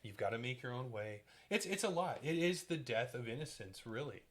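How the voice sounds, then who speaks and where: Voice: mid-range voice, lively intonation, fairly quick. Agreeable middle-aged podcast co-host. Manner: agreeable, finishes the other's sentences. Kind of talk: casual chat.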